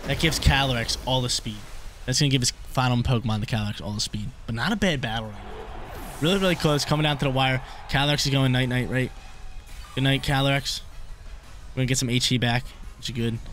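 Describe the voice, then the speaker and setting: Game music plays as a young gaming YouTuber commentates his own gameplay at a quick pace, thinking aloud in laid-back slang and repeating his lines often. His voice sits in the mid-range and sounds a bit bright.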